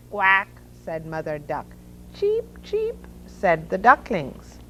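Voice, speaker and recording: Slow, animated woman reading stories. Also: on the low side, slight background noise. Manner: slow, expressive, with sound effects. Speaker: children's story reader and host. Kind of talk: reading picture books aloud.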